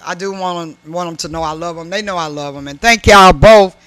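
A woman's voice: on the low side, brisk, a bit bright, clean tone, no room sound. An older woman co-hosting a radio show, sassy and playful, with preachy asides in casual banter. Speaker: radio co-host. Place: radio studio.

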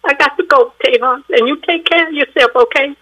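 A woman's voice: sits high, fairly quick, sharp tone, low-quality recording. A woman calling in to a radio show, speaking in a heartfelt, effusive way and fighting back tears. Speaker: caller. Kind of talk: call-in radio talk.

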